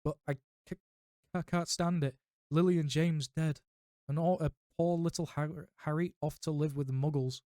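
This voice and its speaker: A man voicing a big-hearted giant of a groundskeeper who stammers through tears, raising his pitch as he reads aloud. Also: fairly quick, darkish tone, no echo, studio quality, close to an everyday voice. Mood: tearful. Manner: stammering, tearful.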